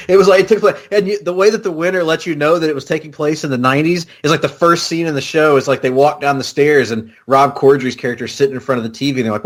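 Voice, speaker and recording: A man co-hosting a casual podcast chat, animated, swearing freely and laughing often. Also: on the high side, fast talker. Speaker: podcast co-host.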